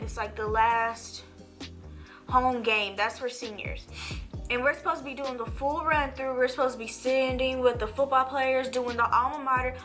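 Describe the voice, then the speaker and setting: A young woman chatting through a makeup tutorial, rambling and animated, her voice jumping up when she rants. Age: young adult. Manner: animated, rambling, swoops high when ranting. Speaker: beauty vlogger.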